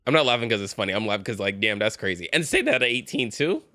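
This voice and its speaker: A man hosting a show reacting to relationship posts, talking casually with sass and high-pitched bursts of laughter. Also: fast, dry recording. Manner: animated, sassy, bursts into high-pitched laughter and mocking voices. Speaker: host reacting to reddit posts. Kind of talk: casual commentary.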